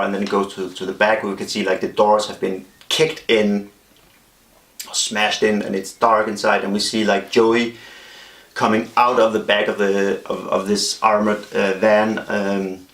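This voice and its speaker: A man talking casually as he pitches a movie idea, rambling along with many fillers and restarts. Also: fairly bright tone, roomy sound.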